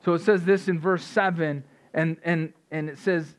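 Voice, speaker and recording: A man's voice: fairly high pitch, fairly even intonation, normal speed. A man preaching an informal sermon in a conversational way, often repeating and restarting words. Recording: dull lo-fi sound.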